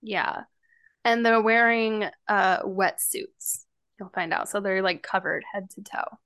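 A woman's voice: mid-range voice, steady tone, slow, a bit bright. A woman podcast co-host casually retelling a true-crime story with lots of fillers. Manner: retelling events with frequent fillers.

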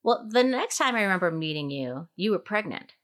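A woman's voice: mid-range voice, very animated, a little fast. A woman hosting a podcast, chatting casually and laughing easily with a longtime friend. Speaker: podcast host. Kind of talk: casual conversational interview.

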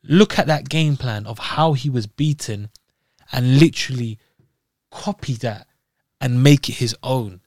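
A man's voice: mid-range voice, measured pace, no room sound, clean studio sound. A man with a London accent, co-hosting a podcast and talking emphatically as a fan of a boxer. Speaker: podcast co-host. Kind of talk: casual chat.

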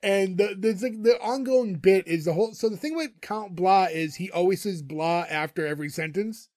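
A man's voice: high-pitched, normal speed, darkish tone, no room sound. A man co-hosting a podcast, animatedly recapping a TV episode in casual chat and laughing often.

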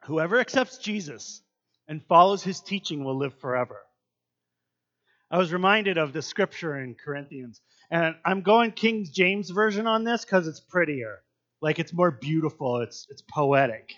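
A high-pitched man gives a relaxed devotional Bible teaching, talking in a chatty, earnest way with plenty of fillers. The recording sounds dull and lo-fi. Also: moderate pace.

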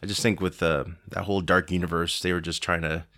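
A man with a very low voice chats in a loose, rambling way as a podcast host. The sound is dry and close, with no room around it. He is in his forties. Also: little pitch movement, fast talker, sharp tone, no echo. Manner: rambling, chatty, laughs easily. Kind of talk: casual chat.

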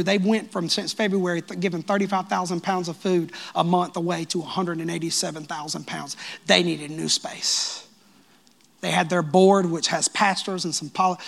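A man preaching a sermon as pastor of his church, lively and joking with the congregation. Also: high-pitched, creaky. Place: church sanctuary.

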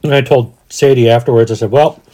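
This is a man in his forties, originally from Denver, chatting on a podcast. His voice is dark and mellow, sitting at an ordinary pitch. He wanders through his thoughts and restarts his sentences as he goes. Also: measured pace. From Denver, USA. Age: 40s. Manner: rambling, restarts often, reflective. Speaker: podcast co-host. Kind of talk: casual chat.

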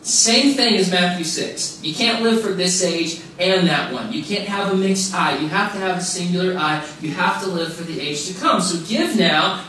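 A man's voice: high-pitched, normal speed, hardly any pauses, bright, forceful tone. A man preaching a sermon, emphatic and casual, repeating his key phrases for stress. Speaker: pastor. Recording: very echoey room, mic far off, faint noise.

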